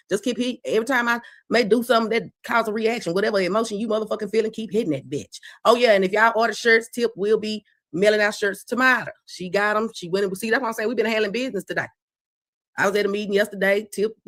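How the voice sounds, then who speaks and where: A middle-aged woman with a country Southern twang chats on a casual livestream, brash and profane as she calls out her viewers by name. Her voice sits at an ordinary pitch with a dry, close sound. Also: a bit bright, no room sound. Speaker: livestream host. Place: porch.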